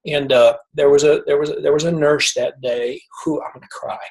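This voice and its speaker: A man, a guest author, telling a personal story in conversation, halting and repeating words as he gets emotional. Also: fairly high pitch, fairly even intonation, darkish tone, rough recording.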